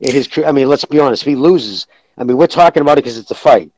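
A man's voice: medium pitch, fast talker, darkish tone, dry recording, rough recording. A man calling in to a show, talking in a heated, profane, rambling way. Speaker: caller. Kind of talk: casual call-in chat.

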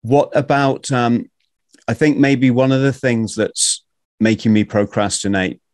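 Podcast host, lowish voice, jokey, dry close mic. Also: male voice, no echo. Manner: chatty, jokey, informal. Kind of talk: casual conversation.

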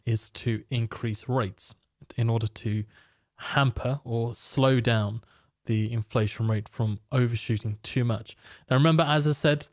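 A man presenting a financial market preview, walking through economic data in a steady, explanatory way. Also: medium pitch, no room sound, clean studio sound. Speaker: market analyst.

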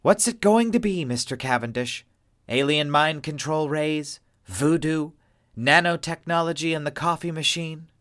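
A man's voice: on the high side, measured pace, a bit bright, pitched above the performer's own voice. A man voicing a poised female corporate executive who is distressed and demanding. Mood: exasperated. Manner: exasperated, demanding.

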